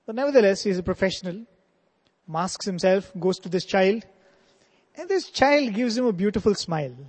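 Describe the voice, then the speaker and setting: A man's voice: sits high, expressive, moderate pace, darkish tone, slightly rough. A man telling a devotional story earnestly as a spiritual speaker, with asides like "you know". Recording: long hall reverb.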